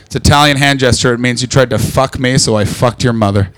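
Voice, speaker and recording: Canadian male stand-up, crude and loud crowd work, club set. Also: mid-range voice, fairly quick. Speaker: stand-up comedian. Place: comedy club.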